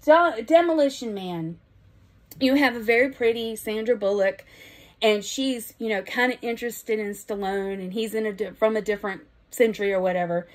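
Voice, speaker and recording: A woman's voice: a little high, normal speed. A middle-aged woman with a Southern accent, ranting bluntly and emphatically in a vlog, with frequent profanity. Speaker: vlogger. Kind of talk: impassioned opinion rant.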